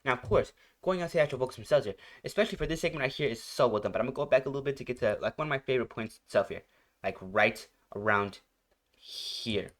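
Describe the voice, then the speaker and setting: A man's voice: mid-range voice, lively intonation, fast. Young male reaction host, mid-range voice, rambling and gushing, laughs a lot. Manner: gushing, rambling, searching for words; laughs often between phrases. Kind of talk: casual reaction commentary.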